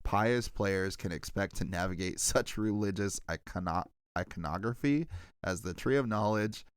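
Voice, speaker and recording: A man's voice: fairly low pitch, moderate pace, smooth, dry recording. A man co-hosting a casual podcast, reading an article aloud with lots of laughs and asides. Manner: animated, laughs often, stumbles over names. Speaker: podcast co-host.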